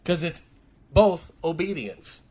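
Pastor preaching with fervor. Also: male voice, a little high, expressive, slow pace, darkish tone. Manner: preaching with rising emphatic declarations and playful asides. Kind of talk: sermon.

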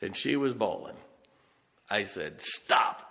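A man's voice: fairly low pitch, lively intonation, normal speed, a bit bright. A middle-aged man pastor preaching a sermon, telling folksy stories and laughing often. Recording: reverberant hall.

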